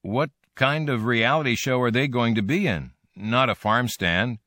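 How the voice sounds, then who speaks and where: A man voicing a sharp, quick-witted woman. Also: medium pitch, no room sound, clean studio sound, pitched above the performer's own voice. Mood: incredulous.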